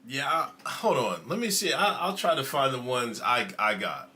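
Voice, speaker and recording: A man's voice: mid-range voice, expressive, normal speed, pushed and bright. A man hosting a casual livestream, rambling through stories with frequent laughs and swearing, sometimes dropping to a near whisper. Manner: loose rambling storytelling, frequent laughs and profanity. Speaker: streamer host.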